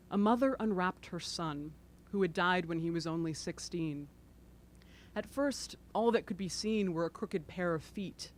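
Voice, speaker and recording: A woman author reading aloud from her own book at a bookstore event, breaking off into expressive, self-deprecating asides. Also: fairly low pitch.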